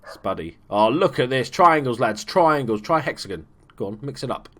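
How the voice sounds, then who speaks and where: A man giving casual, chatty commentary over a football management game, swearing freely and bursting into shouts at big moments. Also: mid-range voice, animated, normal speed. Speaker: gaming YouTuber. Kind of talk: casual let's play commentary.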